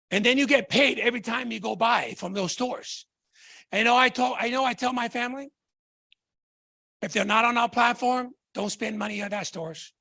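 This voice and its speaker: A man giving an excitable, repetitive sales pitch to an audience, calling them folks and guys. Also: creaky. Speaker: business presenter.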